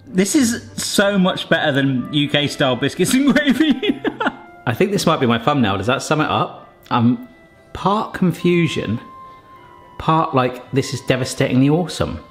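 A man's voice: a little high, big pitch swings, normal speed, a bit bright, soft background music. A British man hosting a casual cooking vlog, chatty and enthusiastic, exclaiming as he tastes. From Britain. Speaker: cooking vlogger.

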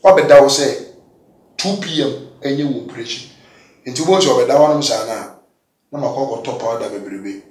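A man giving a candid testimony in an interview, swinging between loud, emphatic bursts and low mutters. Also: normal speed, pauses often. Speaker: guest giving a confession testimony. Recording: echoey room, distant mic.

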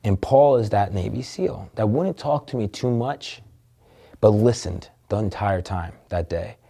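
Earnest man with a dark, mellow voice. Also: on the low side, lively intonation, a little slow, creaky, breathy edge. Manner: earnest, emotional, swears casually. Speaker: interview guest, entrepreneur. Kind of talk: candid personal storytelling.

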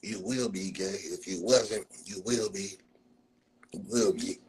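A profane, mocking "Los" man hosts a livestream, delivering a casual roast rant through a phone livestream mic. His voice is lowish and a little slow, the audio is very noisy, and he keeps repeating "blood" as a filler.

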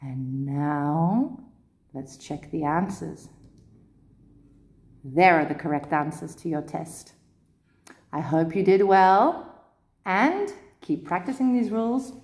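A woman teaching an English spelling lesson, explaining the rules patiently and clearly with lively emphasis. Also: low voice, slow, long pauses. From Cyprus. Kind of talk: grammar lesson.

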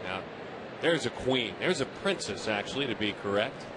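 A man calling a baseball game play by play, talkative and teasing, with playful asides between pitches. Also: animated, moderate pace, noisy background. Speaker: play-by-play announcer. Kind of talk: live baseball commentary.

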